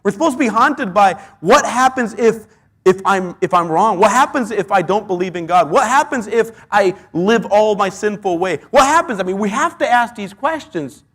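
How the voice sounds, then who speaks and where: A man's voice: high voice, expressive, moderate pace, fairly bright tone. A man preaching a sermon in an earnest way, piling up rhetorical questions. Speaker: pastor.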